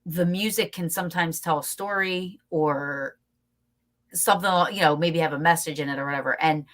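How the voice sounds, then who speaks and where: A woman guest telling a story in a casual, animated way, laughing often and swearing freely. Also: sits low, moderate pace.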